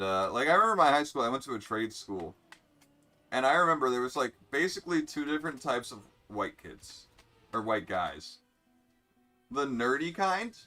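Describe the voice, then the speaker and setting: A man's voice: medium pitch, pushed and bright. A young man live-streaming a racing game, chatting bluntly and sarcastically with viewers and swearing freely. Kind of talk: casual live-stream chat while gaming.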